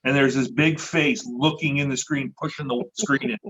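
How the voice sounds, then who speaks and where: A man's voice: medium pitch, fairly even intonation, normal speed, fairly bright tone, breathy edge. A middle-aged man, a podcast guest, telling a story casually and acting out the voices he quotes, with the odd swear word. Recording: dull lo-fi recording.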